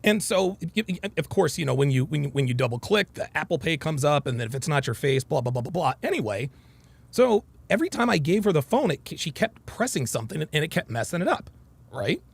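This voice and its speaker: A man's voice: a little high, big pitch swings, brisk, gravelly, slightly rough. A man hosting a casual commentary monologue, telling a story in a profane, storytelling way. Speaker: commentary host.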